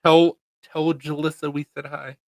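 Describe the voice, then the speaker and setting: A man's voice: on the high side, level tone, unhurried, vocal fry, no echo, poor audio. A man hosting a casual livestream, chatting in a laid-back, rambling and jokey way. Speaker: livestream host. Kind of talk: casual chat.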